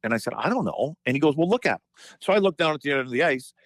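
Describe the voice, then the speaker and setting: A man in his fifties, a former hockey player, telling animated stories on a podcast with lots of restarts. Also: medium pitch, racing, no room sound. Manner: animated anecdotes, frequent restarts and profanity in quotes. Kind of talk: casual storytelling chat.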